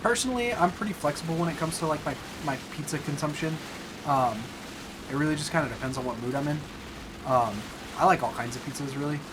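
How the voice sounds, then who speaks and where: A man's voice: a little high, fast talker, noisy background. Young man chatting over gameplay. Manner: casual, chatty, joking with viewers, bursts of frustration. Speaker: gaming channel host. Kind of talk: let's play commentary.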